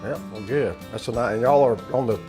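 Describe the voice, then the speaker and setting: A man's voice: mid-range voice, fast talker, music in the background. A man with a Southern US accent hosting a cooking show, chatting casually with many fillers and restarts. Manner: rambling, hesitant, many fillers.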